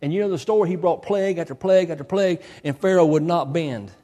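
A man preaches with folksy emphasis, circling back to repeat the lines he wants to land. His voice sits a little high, with a soft, mellow tone. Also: quick pace, big-room sound. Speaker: pastor. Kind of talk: sermon.

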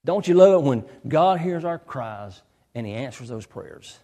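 A pastor preaching a sermon, emphatic and folksy, often repeating key phrases. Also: male voice, mid-range voice, animated, measured pace, warm tone, long reverb tail.

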